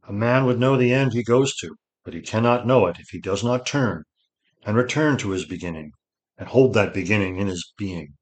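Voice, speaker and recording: A man reading an audiobook voices an old male mage with a gentle, solemn manner, giving slow and measured counsel. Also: mid-range voice, pitched above the performer's own voice, lightly acted.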